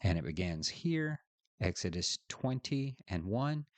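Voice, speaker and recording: A man teaching a scripture study lesson, walking through the text and reading verses aloud with deliberate emphasis. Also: low-pitched, sing-song, no room sound. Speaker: Bible teacher.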